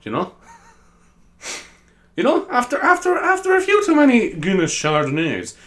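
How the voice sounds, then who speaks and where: A man's voice: very high voice, huge pitch swings, normal speed, fairly bright tone. A young Irish man hosting a solo podcast, chatting casually in a rambling, easily sidetracked way and giggling a lot. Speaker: podcast host.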